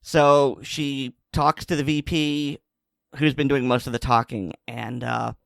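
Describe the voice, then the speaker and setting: A man's voice: mid-range voice, level tone, measured pace, gravelly, clear, resonant tone, dry recording, studio quality. A man co-hosting a podcast, retelling a news story in a casual, sardonic way. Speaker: podcast co-host. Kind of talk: casual chat.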